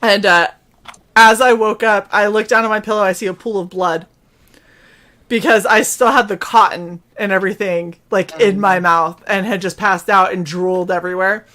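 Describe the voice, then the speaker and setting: A woman co-hosting a casual livestream, telling an animated story, acting out the voices she quotes and laughing as she goes. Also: mid-range voice, moderate pace. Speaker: co-host of a chill stream.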